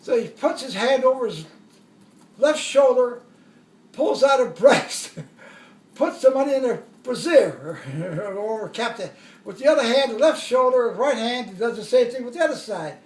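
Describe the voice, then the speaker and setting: An older man tells an old war story, rambling and chuckling as he goes. His voice is very high, and it comes from some way off the mic in an echoey room. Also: animated, moderate pace, recorded from a distance. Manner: rambling, chuckling, acts out shouted quotes. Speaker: veteran telling a war story. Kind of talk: casual storytelling.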